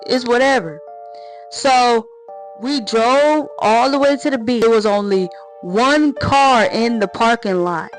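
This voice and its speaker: A woman chatting through a story time vlog in a slangy, excitable way. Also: a little high, slow pace, faint music behind, low-quality recording.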